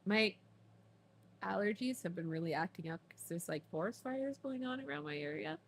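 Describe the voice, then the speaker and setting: Woman, husky, sore throat, chatty game streamer at home, laughs a lot. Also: medium pitch, lively intonation, normal speed. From Canada. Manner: chatty, laughs often, scolds her cats. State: sore throat from smoke allergies. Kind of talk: casual let's play chat.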